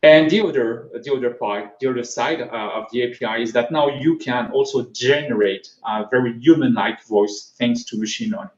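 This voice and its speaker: A man with a French accent giving a technical conference talk, halting with frequent repeats and fillers. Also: mid-range voice. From France. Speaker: conference speaker. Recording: roomy, slightly dull recording.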